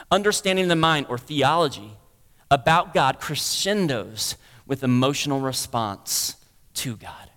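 A man preaching a sermon as pastor, rising to loud stirring peaks and then dropping to a soft hush. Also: sits high. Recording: long hall reverb.

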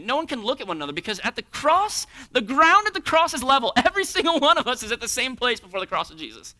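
A man preaching a sermon with passion, dropping to hushed near-whispers and rising to loud pleading. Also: extremely high pitch, sing-song, fast, hardly any pauses. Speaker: pastor.

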